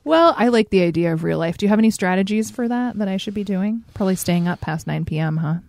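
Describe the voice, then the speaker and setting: A woman's voice: medium pitch, expressive, fast talker, gravelly, darkish tone, no room sound. Woman hosting a chatty podcast, asks lots of questions, dry close sound. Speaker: podcast host. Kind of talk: casual chat.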